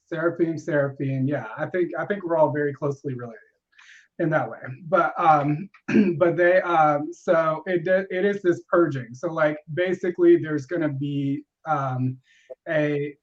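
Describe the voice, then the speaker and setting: A man's voice: fairly high pitch, highs cut off. A man co-hosting a casual spiritual chat over a video call, joking and rambling with lots of fillers. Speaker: co-host.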